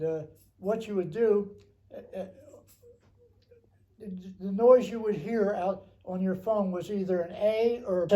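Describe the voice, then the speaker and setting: An older man with a high, mellow voice recounts his memories. He rambles, stops often and restarts his sentences as he goes. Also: low-quality recording. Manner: rambling, halting, with many restarts. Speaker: veteran interviewee.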